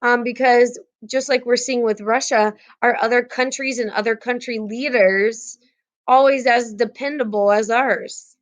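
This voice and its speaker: Woman, young adult, teacher, video call class, slightly high voice, chatty, filler words. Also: fairly even intonation, measured pace. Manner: chatty, filler-heavy, many restarts.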